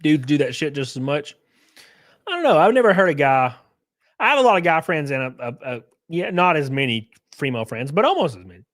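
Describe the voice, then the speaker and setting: A man with a fairly high voice hosts a casual live stream. He rambles through warm, effusive thanks to his viewers between stretches of reading a story aloud, in a loose, chatty way. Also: very animated, fairly quick, dry recording, clean studio sound.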